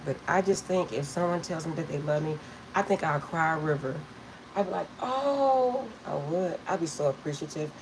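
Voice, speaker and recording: A woman's voice: low voice, steady tone, a little fast, noisy background. A middle-aged woman reading tarot, telling rambling stories to her viewers and laughing often. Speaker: tarot reader. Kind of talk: casual storytelling to viewers.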